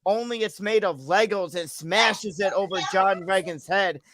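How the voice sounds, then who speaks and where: An unhurried host with a mid-range voice narrates a storytelling wrestling stream with excited play-by-play, hollering and swearing when things get big. Slight background noise is audible.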